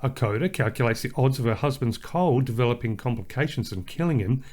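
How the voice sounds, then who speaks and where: A man's voice: mid-range voice, animated, a little fast, darkish tone. An Australian man co-hosting a podcast, chatting casually and rambling with fillers and restarts. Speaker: podcast co-host. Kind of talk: casual chat.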